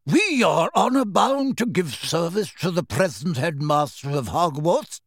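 A man's voice: on the high side, expressive, a little slow, no room sound, studio quality, pitched above the performer's own voice. A man voicing a frail, indignant old wizard. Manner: reproachful, protesting. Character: frail, indignant old male former headmaster.

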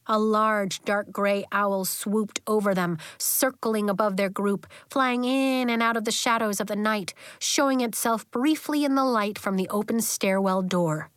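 Gentle woman reading a children's book. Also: mid-range voice, unhurried, hardly any pauses, clean tone, dry recording, studio quality. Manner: gentle, even storytelling with voiced characters. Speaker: audiobook narrator. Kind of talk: audiobook reading of a children's novel.

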